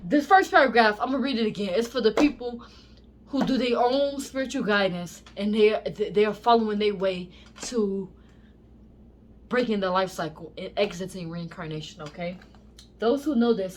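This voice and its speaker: A high-pitched woman reads spiritual text aloud and keeps interrupting herself with blunt, profane asides. Her delivery is animated and emphatic, and she often laughs and apologizes over her own stumbles. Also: a little hiss or hum. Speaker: vlogger reading scripture. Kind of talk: casual reading and commentary.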